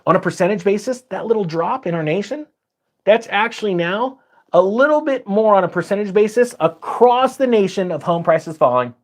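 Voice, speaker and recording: Guy doing sarcastic market commentary over charts, fairly high voice, pitch jumps all over. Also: lively intonation, moderate pace. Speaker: finance channel host.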